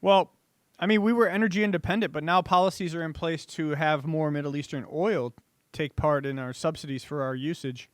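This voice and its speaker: A man's voice: a little high, steady tone, a little fast, no echo, clean studio sound. A man co-hosting a market talk show, speaking casually with many restarts and sounding irritated. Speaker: co-host.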